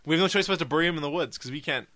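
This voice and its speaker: A man co-hosting a casual podcast chat, reading facts aloud with halting restarts and frequent laughter. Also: fairly high pitch, sharp tone. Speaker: co-host.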